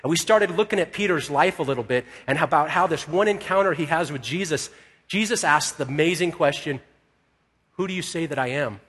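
A man's voice: fairly high pitch, fairly bright tone, husky. A man preaching a sermon as a pastor, telling the story in a conversational way and acting out the dialogue. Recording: echoey hall with long reverb.

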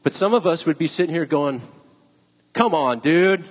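A man preaching in a relaxed, talky way, voice a little husky and higher than most. He throws questions out to the room. The sound rings with a long hall reverb. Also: normal speed. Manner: conversational, asks the audience questions. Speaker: pastor. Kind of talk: sermon.

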